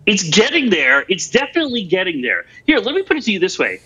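A man's voice: high voice, huge pitch swings, fast talker, bright, forceful tone, husky. A man co-hosting a comedy podcast, arguing his side insistently and going over his points again. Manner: argumentative, insistent, repeats points. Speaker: podcast co-host. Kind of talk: casual comedic debate.

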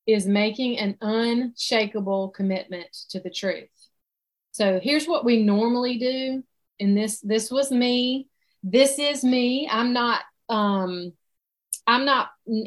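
A middle-aged woman from South Carolina with a Southern accent, leading a casual online coaching session on quitting alcohol, chatty and faith-centered. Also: medium pitch.

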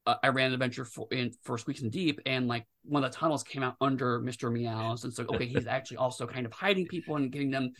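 A man with an ordinary mid-range voice talks as a guest about designing games. He rambles, restarts sentences and stays animated throughout. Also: mid-range voice, fast talker, hardly any pauses. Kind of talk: casual interview chat.

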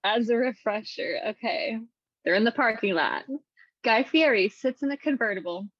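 A woman's voice: a little high, expressive, normal speed, no room sound, muffled recording. A woman co-hosting a podcast, reading silly scripts aloud in casual chat and often breaking into giggles. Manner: giggly, keeps breaking into laughter while reading. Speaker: podcast co-host.

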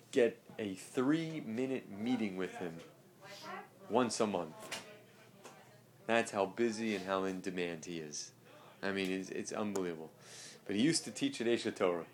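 A man's voice: fairly low pitch, measured pace, long pauses. A male teacher lecturing a religious class. He speaks with emphasis and leans on repetition, circling back to drive each point home. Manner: emphatic, repeats key phrases.

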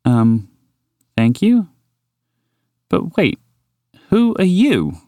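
A man voicing a small, eager male park dweller who is bold, excitable and bewildered. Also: a little high, measured pace, no echo, studio quality, voice pushed up. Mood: puzzled.

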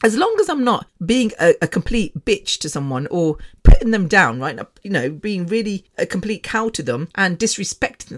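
A woman's voice: mid-range voice, normal speed, hardly any pauses. Blunt, swearing woman podcaster. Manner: blunt, swearing, animated, over the top. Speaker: podcast host. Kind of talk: candid solo podcast monologue.

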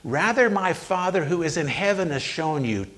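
A man preaching a sermon, retelling scripture with slow, emphatic pauses on quoted lines. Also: on the high side, animated, a bit bright.

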